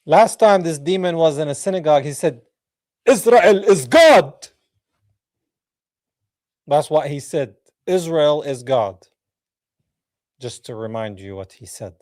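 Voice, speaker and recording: A man's voice: a little high, moderate pace, a little mellow, dry recording, clean studio sound. A man hosting a live podcast, reacting to clips with mocking, sarcastic commentary and laughter. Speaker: podcast host.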